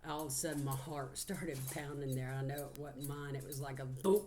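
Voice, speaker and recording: A woman's voice: a bass voice, level tone, a little fast, crowd noise. A woman, giving a heartfelt channeled psychic reading. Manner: heartfelt, earnest, relays messages.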